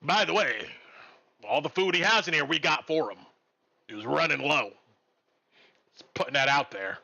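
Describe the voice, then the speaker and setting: A man's voice: on the high side, lively intonation, normal speed, creaky, bright, forceful tone, exaggerated voice. A man doing a sardonic, foul-mouthed rogue. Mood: offhand. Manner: drawling, sarcastic.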